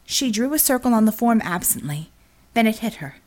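A woman reading a story aloud as an audiobook narrator in an even storytelling manner. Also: a little high, moderate pace. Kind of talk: scripted narration.

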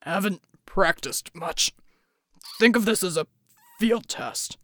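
A woman voicing a big, gruff, protective superhero man who answers in short, low, clipped lines. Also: takes it slowly, no echo, studio quality. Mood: strained.

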